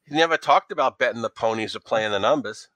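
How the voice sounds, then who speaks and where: A man with a New York accent voicing a worried young woman from a dance troupe, answering haltingly with many fillers. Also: mid-range voice, a bit bright, dry recording, natural voice. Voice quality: broad, leaned-in street accent.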